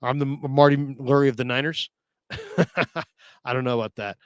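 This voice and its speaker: A man's voice: mid-range voice, steady tone, normal speed, smooth, no echo. A man hosting a casual sports talk show, reading viewer comments aloud and laughing often.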